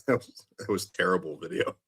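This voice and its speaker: A man's voice: sits low, brisk, creaky, a bit bright, slightly rough. A man from Canada in a casual chat, talking in a blunt, sardonic way.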